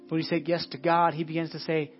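Pastor, male, fairly high husky voice, muffled lo-fi church recording. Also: level tone, fast talker, soft background music. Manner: preachy, repeats words and restarts often. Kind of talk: sermon. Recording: dull lo-fi sermon audio.

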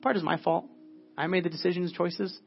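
A man preaching a sermon at a church service in an earnest way, often dropping to a hushed, prayerful tone. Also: sits high, steady tone, brisk, creaky, dull audio. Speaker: pastor.

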